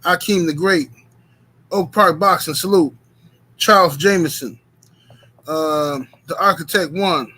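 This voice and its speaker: A man hosting a live boxing talk stream, shouting out viewers by name in a relaxed, chatty way with many fillers. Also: a little high, slow, long pauses. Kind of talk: casual live-stream chat.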